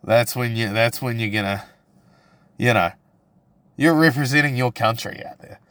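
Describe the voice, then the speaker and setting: A man's voice: medium pitch, normal speed, a bit bright, no echo. Brash, foul-mouthed New Zealand man ranting. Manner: crude, profane and provocative, full of restarts. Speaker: podcast host. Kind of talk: casual solo podcast rant.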